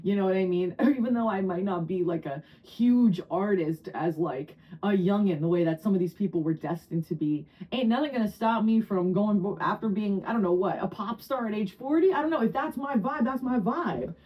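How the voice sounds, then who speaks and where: A woman of around forty from New Jersey giving a casual tarot reading to camera, chatty and excitable, often breaking into laughter and high squeals. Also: moderate pace, few pauses, lo-fi sound. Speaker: tarot reader.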